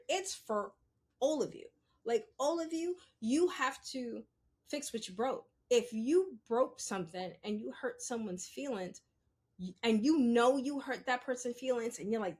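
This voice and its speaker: A woman's voice: fairly high pitch, lively intonation, a little slow, darkish tone. A woman hosting a podcast, talking unscripted to her listeners, blunt and profane, often asking "You understand?". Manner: blunt, profane, emphatic, talks straight to the listener. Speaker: podcast host. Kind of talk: unscripted solo commentary.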